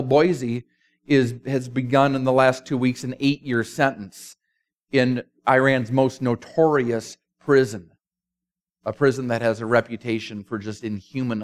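A man preaching a sermon, telling a story with emphasis and dropping to a quiet voice at times. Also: medium pitch.

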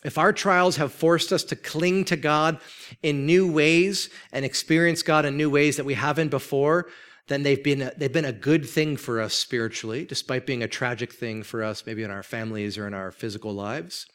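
A man in his thirties preaches in a casual, earnest sermon voice at an ordinary pitch for a man. He acts out quoted speech with sudden jumps in pitch. He turns quiet and low when telling of loss. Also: fairly even intonation, normal speed, smooth. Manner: drops soft and low when telling of grief. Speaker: pastor.

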